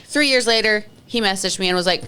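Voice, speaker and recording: A woman's voice: mid-range voice, fairly quick, pushed and bright, slight background noise. A woman in her thirties hosting a podcast alone, chatting casually and rambling from topic to topic with self-mocking jokes. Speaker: podcast host. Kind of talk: casual solo podcast chat.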